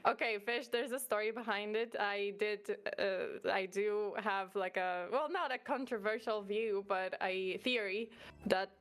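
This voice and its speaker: A woman's voice: mid-range voice, measured pace, smooth. A woman guest chatting casually in an interview, rambling, correcting herself and giggling often. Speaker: guest VTuber who covers mystery cases.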